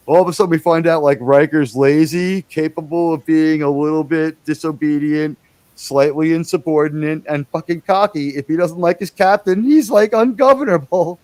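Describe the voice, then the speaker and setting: A man's voice: on the high side, darkish tone, no room sound. A man hosting a casual livestream, rambling and chatty, with enthusiastic, profane asides. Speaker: livestream host.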